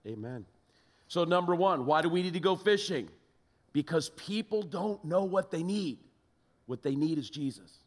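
A man preaches, walking through his points one by one. His voice is fairly high and swings widely in pitch as he speaks. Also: normal speed. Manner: lively, lays out numbered points. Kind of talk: sermon.

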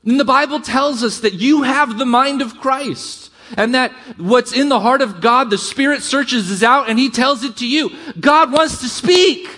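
A middle-aged man preaching a sermon to his congregation, conversational with rising emphasis and quick asides. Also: very high-pitched, sharp tone. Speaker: pastor.

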